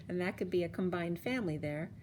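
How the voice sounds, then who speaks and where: Lower-voiced woman giving a chatty card reading. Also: very animated, a little fast, a little hiss or hum. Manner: chatty, laughs often, emotional asides. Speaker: spiritual card reader. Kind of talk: casual spoken card reading.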